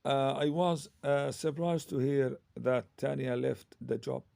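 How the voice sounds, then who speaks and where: Slow, gravelly man teaching English grammar. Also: medium pitch, darkish tone, no room sound. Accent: Arabic. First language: Arabic. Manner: slow, hesitant, with many fillers and self-corrections. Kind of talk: grammar lesson.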